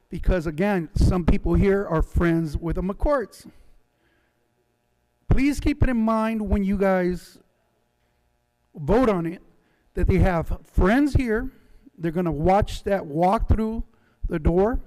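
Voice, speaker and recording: High-voiced man giving halting public comment. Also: a little mellow. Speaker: public commenter, write-in candidate. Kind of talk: public comment at a council meeting.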